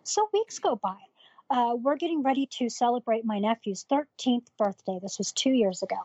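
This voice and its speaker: A woman with a fairly high voice tells a personal story in an interview, candid and animated, voicing the people in it as she talks. The sound is dry and a little dull and lo-fi, as if from a basic setup. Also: moderate pace, no echo. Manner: candid, animated retelling with quoted dialogue. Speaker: podcast guest.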